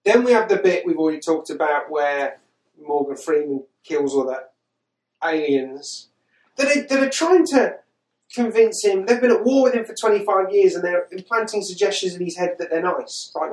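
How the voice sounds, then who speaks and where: A man's voice: high voice, lively intonation, moderate pace, reverberant, rough recording. A man hosting a podcast, recapping a film in casual chat with exasperated, sweary incredulity. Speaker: podcast host.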